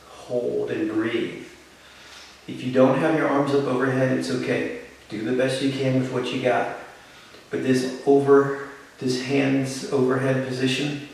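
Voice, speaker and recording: A man teaching a live yoga class, giving calm, encouraging step-by-step cues. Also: medium pitch, far from the mic. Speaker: yoga instructor. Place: yoga studio. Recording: very echoey room, voice from off-mic, faint hiss.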